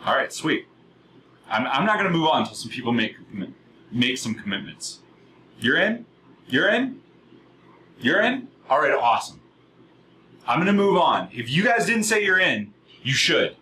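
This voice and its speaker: Fired-up man pitching to a room. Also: big pitch swings, pushed and bright, slight background noise, low-quality recording. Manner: fast, worked-up, asks the audience questions. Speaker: sales workshop presenter. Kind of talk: live motivational sales pitch to a room. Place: room with a live audience.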